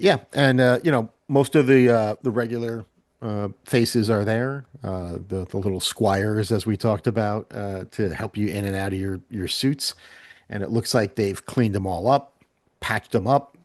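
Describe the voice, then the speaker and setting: A man's voice: fairly low pitch, darkish tone, dry recording, clean studio sound. A man narrating as game master of a tabletop game, rambling with lots of fillers.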